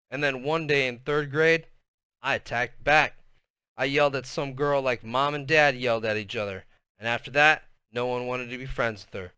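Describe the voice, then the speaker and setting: Man reading a novel aloud with casual asides, bright and crisp voice. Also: mid-range voice, no echo. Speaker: reader.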